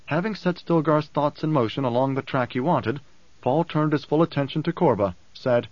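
A male audiobook narrator reading in an even, measured way. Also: a little high, no room sound, muffled recording. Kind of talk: scripted narration.

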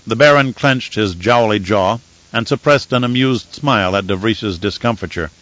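A man reading a novel aloud as an audiobook narrator, in measured, even storytelling. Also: lowish voice, dry recording. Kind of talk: scripted narration. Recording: dull lo-fi dry audiobook recording.

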